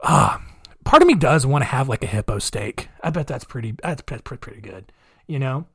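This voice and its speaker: A man's voice: medium pitch, animated, normal speed, a bit bright, slightly rough, no echo, studio quality. A man hosting a podcast, telling history stories in a chatty, rambling way with sarcastic asides. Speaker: podcast host. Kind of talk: casual comedic monologue.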